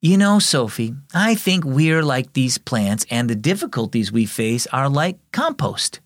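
A caring aunt from a storybook, speaking gently and reassuringly to her niece. A man reads her on a dry, close mic. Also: mid-range voice, very animated, measured pace, dry recording. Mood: gentle.

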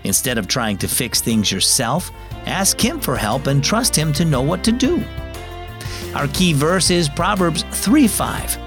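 A man's voice: on the high side, big pitch swings, measured pace, music in the background. Young man telling a devotional kids' story. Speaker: host. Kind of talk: scripted devotional narration for children.

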